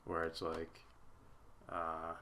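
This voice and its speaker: Very low-voiced, laid-back man. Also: completely flat delivery, drawn-out words, pushed and bright, a little hiss or hum. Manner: rambling, laid-back, swears freely. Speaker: podcast host. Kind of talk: casual chat.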